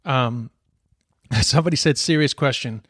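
A man's voice: mid-range voice, normal speed, a bit bright, no echo, studio quality. An Irish man hosting a casual podcast chat, rambling and swearing freely. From Ireland. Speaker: podcast host.

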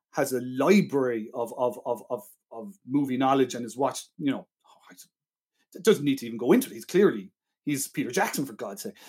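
A man's voice: mid-range voice, darkish tone, slightly rough. A man in casual film chat who praises the performances with enthusiasm and argues his side firmly. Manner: enthusiastic, argumentative.

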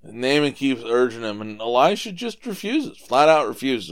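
A man's voice: medium pitch, moderate pace. A man hosting a show where he casually retells Bible stories, explaining as he goes. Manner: relaxed, explaining with asides. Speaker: storytelling dad, show host.

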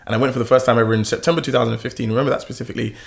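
A young man telling his founder story in a casual interview, animated and laughing often. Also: rapid-fire, vocal fry. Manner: animated, laughs often, lively pitch swings.

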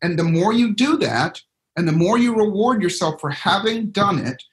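A man coaching a group on a call, emphatic and lively, acting out the anxious voice in people's heads. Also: high voice, moderate pace. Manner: emphatic, acts out inner voices, spells words out. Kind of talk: motivational coaching talk. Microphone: call audio.

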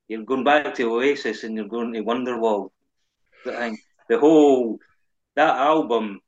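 Blunt, sweary man on a call. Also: medium pitch. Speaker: podcast supporter guest. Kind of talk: casual chat on an online call. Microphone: video call. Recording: muffled lo-fi online call audio.

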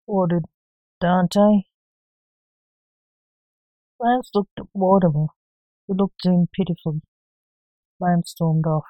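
A woman narrating a spooky fantasy story in a measured, even reading. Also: lowish voice, no echo, muffled recording.

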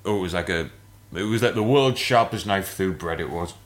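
A man, telling a long rambling story in casual podcast chat and getting animated as he goes. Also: sits low, fairly quick.

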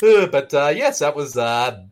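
A podcast host riffing on a movie in casual chat, excitable and prone to high shrieking laughter. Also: measured pace.

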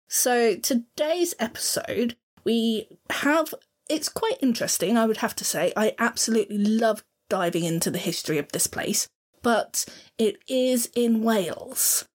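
A woman's voice: on the high side, animated, measured pace. A woman with a Southern English accent co-hosting a podcast, chatting casually and laughing at her own attempts to pronounce place names. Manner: chatty and self-deprecating, apologises for her pronunciation. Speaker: podcast co-host.

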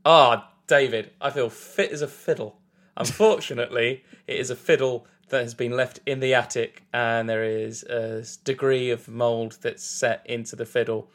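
A man with a bright, crisp-edged voice co-hosts a comedy quiz podcast. He speaks in a deadpan way and wanders into absurd tangents. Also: medium pitch, normal speed. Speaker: podcast co-host.

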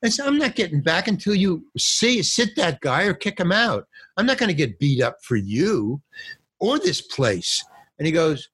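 Over a phone or remote call, an older man who works as an actor and stand-up comedian is interviewed casually, telling animated stories and acting out their voices. He has a high, breathy voice at normal speed, with no echo.

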